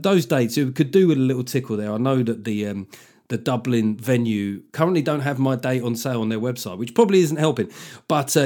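A man's voice: mid-range voice, darkish tone. A man hosts a casual podcast. He rambles, swears freely and pokes fun at himself as he goes. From South London, England. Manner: rambling, sweary, self-deprecating. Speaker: podcast host.

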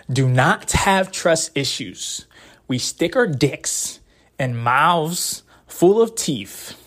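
A young man with a slightly higher voice rambles through a casual advice monologue. He talks bluntly and profanely in laid-back slang, repeating his catchphrases.

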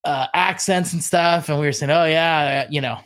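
A man's voice: fairly high pitch, steady tone, moderate pace, fairly bright tone, dry recording, studio quality. A young man with a Southern Californian accent co-hosting a podcast in rambling casual chat. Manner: laid-back, rambling, with fillers and laughs. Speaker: podcast co-host.

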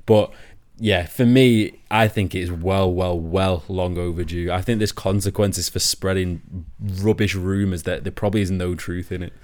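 A man with a very deep, low voice talks football on a podcast. He is opinionated and thinks aloud in long run-on sentences, in a loose, casual way. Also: fairly even intonation, normal speed, a little mellow. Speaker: podcast pundit.

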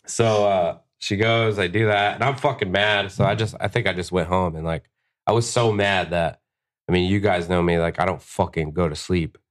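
A young man with a deep, low-pitched voice tells a profanity-heavy story in a relaxed podcast chat. He slips into the voices of the people in the story as he quotes them. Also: normal speed. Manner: profane, animated storyteller who acts out quotes. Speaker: guest tattoo artist.

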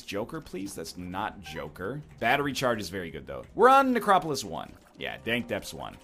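A man's voice: lowish voice, wildly swooping pitch, fairly quick, hardly any pauses, pushed and bright, faint music behind. A man giving rambling, jokey commentary while playing a video game, full of wry asides. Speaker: gameplay commentator. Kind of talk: gameplay commentary with rambling jokes.

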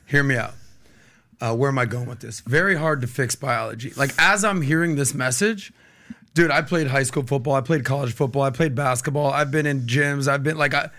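A man hosting a podcast in casual conversation, animated and explaining his points through long examples. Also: mid-range voice, fairly quick. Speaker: podcast host.

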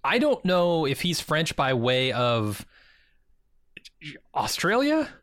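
A man's voice: on the high side, huge pitch swings, takes it slowly, a bit bright, no room sound. A man co-hosting a podcast, chatting casually with dry, skeptical remarks. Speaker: podcast co-host. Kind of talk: casual chat.

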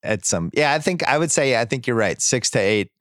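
Man, dry close mic, animated retelling. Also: medium pitch, no room sound. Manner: animated retelling, acts out scenes in quick voices. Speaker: podcast host. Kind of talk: casual chat, TV recap.

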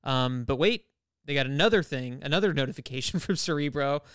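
A man co-hosting a podcast, recapping a cartoon with animated storytelling and frequent laughs. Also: mid-range voice, fairly quick, clean tone, no echo, studio quality. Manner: animated storytelling, puts on silly character voices, laughs often. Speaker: podcast co-host. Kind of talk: casual recap chat.

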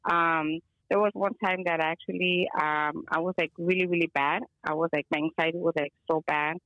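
A woman guest healer, calling in, rambles through a long story heavy with fillers and mixing in Spanish words. Her voice sits low with fairly even intonation and a fairly bright tone at a moderate pace; the recording is dry, with dull lo-fi call audio.

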